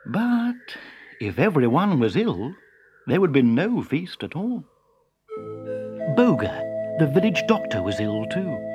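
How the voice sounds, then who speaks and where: Children's story reader, unhurried, very lively pitch, music bed underneath. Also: highs cut off. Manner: slow, expressive, animated. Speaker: narrator.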